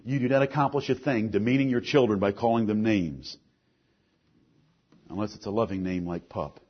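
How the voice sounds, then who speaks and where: A middle-aged man preaching a sermon, earnest, moving between soft asides and forceful lines. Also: fairly low pitch, normal speed, husky, lo-fi sound.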